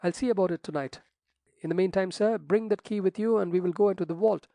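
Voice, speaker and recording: A man voicing an impatient young squire who speaks brisk and direct. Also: high voice, vocal fry, warm tone, no room sound, pitched above the performer's own voice. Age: young adult.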